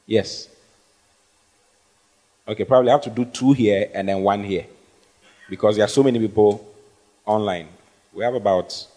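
A man with a lowish, darkish voice preaches as a pastor. His sermon is emphatic and call-and-response, rising into stressed phrases and repeatedly asking the congregation questions to answer.

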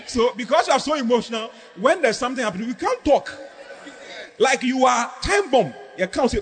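A man preaching a sermon as pastor, humorous and animated, drawing responses from the congregation. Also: extremely high pitch, quick pace. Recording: echoey hall, faint background noise.

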